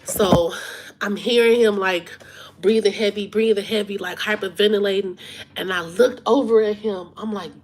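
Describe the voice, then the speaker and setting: A woman vlogger telling a story in a casual, animated way, acting out what people said. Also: medium pitch, normal speed. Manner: animated retelling, acts out her own quotes.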